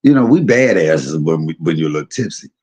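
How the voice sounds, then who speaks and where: A middle-aged man casually telling a personal story, animated and laughing, using street slang and acting out quotes. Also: rumbling low, brisk.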